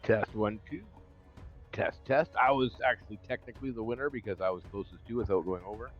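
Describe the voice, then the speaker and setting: A man's voice: on the low side, fairly quick, dull audio, soft background music. A man chatting on a game stream, joking and boasting to his friends. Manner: joking, boastful, mic-testing. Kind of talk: casual chat.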